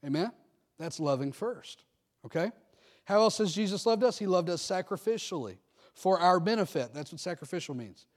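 Preaching man, call-and-response amens. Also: a little high. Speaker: pastor. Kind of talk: sermon.

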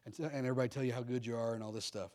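A man's voice: mid-range voice, fairly even intonation, very fast, a little mellow. A middle-aged male pastor preaching a sermon, telling candid personal stories and calling for amens. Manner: preaching with call-and-response amens, candid storytelling.

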